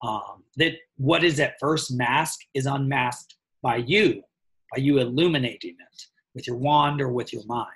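A man's voice: mid-range voice, a little slow, fairly bright tone, rough recording. Thoughtful man musing in casual chat. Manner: thoughtful, digressive, chuckles often. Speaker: podcast co-host. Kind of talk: casual book discussion.

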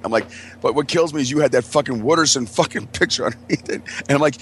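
A man's voice: mid-range voice, fast talker, a bit bright, slight background noise. A man telling a rambling, profane story in casual chat as a podcast host, laughing as he goes.

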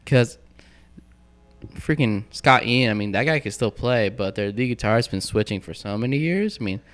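A man appears as a podcast guest in casual conversation, speaking at normal speed with a medium-pitched voice. He tells animated stories and acts out the quotes as he goes.

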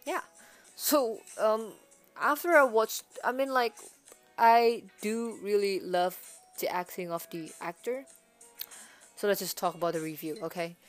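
A woman's voice: medium pitch, measured pace, soft background music. A young woman giving a casual movie review, chatty and rambling, stringing her thoughts together as she goes. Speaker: film reviewer.

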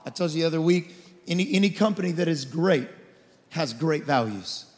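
A man in his forties preaching a sermon as lead pastor, passionate, swinging from shouted declarations to quiet storytelling. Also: fairly high pitch, expressive, fairly quick. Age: 40s. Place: church auditorium. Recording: church hall reverb.

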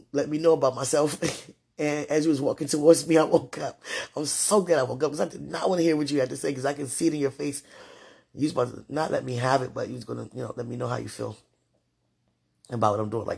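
A woman hosts a podcast, talking casually and directly to her partner in a chatty monologue and laughing often. Her low voice has vocal fry and sounds a little mellow and slightly rough.

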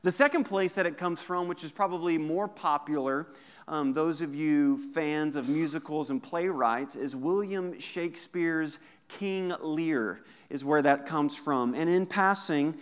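Pastor guy giving a sermon, kinda high voice, jokey and lively with the crowd. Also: a little slow, clear, resonant tone. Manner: lively, joking with the congregation. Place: church service.

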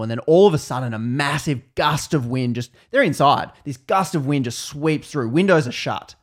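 A man's voice: medium pitch, fairly quick, few pauses. A man casually retelling a ghost story on a podcast, rambling and correcting himself as he goes. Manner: rambling, self-correcting, laughs at own jokes.

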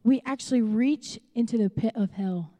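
A young woman pastor with a Chicago accent preaches candidly and conversationally, acting out her own asides. Her voice is fairly high and mellow, at normal speed. The church auditorium lends a long hall reverb.

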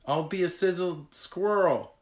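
A man voicing a young female squirrel in a children's storybook, in a lively, animated read-aloud manner. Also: medium pitch, slow pace, pitched above the performer's own voice, natural voice. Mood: panicky.

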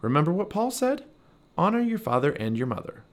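A man's voice: fairly high pitch, big pitch swings, a little fast, pitched above the performer's own voice. A man voicing a sensible, fussy female squirrel in a read-aloud storybook, dry and scolding.

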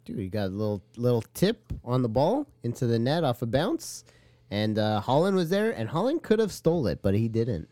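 A man with a mellow, warm tone and a lively, swinging pitch co-hosts a casual sports podcast, full of jokey banter. The sound is dry and close, with no room echo. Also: moderate pace. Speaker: podcast co-host. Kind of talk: casual chat.

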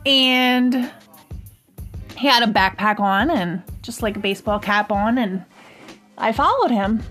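Chatty higher-voiced woman telling a story. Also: fairly bright tone. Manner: rambling, full of "um" and "like". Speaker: podcast host. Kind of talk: casual storytelling monologue.

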